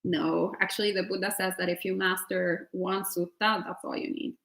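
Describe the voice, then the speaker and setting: Gravelly Italian woman, echoey room. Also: on the low side, level tone, moderate pace, fairly bright tone. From Italy. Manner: chatty, laughs often, many fillers. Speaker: meditation teacher answering questions. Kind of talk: casual Q&A at an online retreat. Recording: roomy echo.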